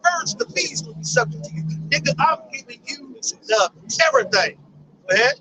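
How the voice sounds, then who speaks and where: A man leads a Bible study in high-pitched, rough street slang, animated and profane. His bright, forceful voice keeps cueing the reader to continue. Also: a little fast, rough recording. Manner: profane, animated, playful, cues reader with "go ahead". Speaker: Bible teacher.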